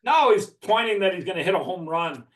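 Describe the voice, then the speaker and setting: In an echoey room, this podcast guest from around Chicago laughs his way through a foul-mouthed story in relaxed conversation. He speaks in a high-pitched, expressive voice, a little fast, with crowd noise in the background.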